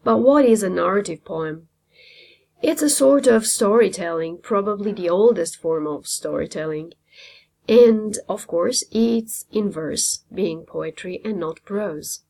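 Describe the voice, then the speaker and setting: A woman's voice: mid-range voice, a little slow, creaky, dark tone. A woman teacher, a native Italian speaker, explaining a literature lesson step by step with frequent ums. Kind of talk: classroom lecture.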